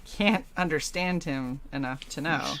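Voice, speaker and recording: A woman's voice: low voice, a little slow, a bit bright. A woman co-hosting a casual stream, answering questions in a laid-back, amused way. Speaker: co-host.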